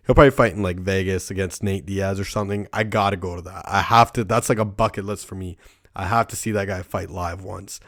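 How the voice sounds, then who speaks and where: A man's voice: on the low side, a bit bright, no room sound, clean studio sound. A young man hosting his own podcast, rambling casually with heavy swearing, lots of "like" and "right?", and laughing at his own stories. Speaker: podcast host. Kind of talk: casual solo podcast monologue.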